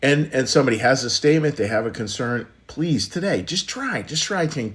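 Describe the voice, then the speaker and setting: A man's voice: medium pitch, animated, fairly quick, few pauses. A man giving a short, conversational sermon as pastor on a church livestream, often repeating and restarting phrases.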